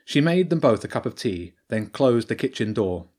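A man narrating an audiobook in a calm, even storytelling manner. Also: medium pitch, moderate pace.

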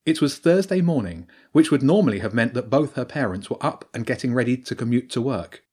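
Calm male audiobook narrator. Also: medium pitch, a little fast, husky.

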